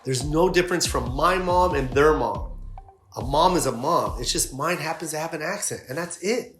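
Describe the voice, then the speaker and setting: A man's voice: fairly high pitch, moderate pace, reverberant, music in the background. A male comedian talking in an interview, emphatic and indignant, with a lot of swearing. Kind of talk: animated interview talk.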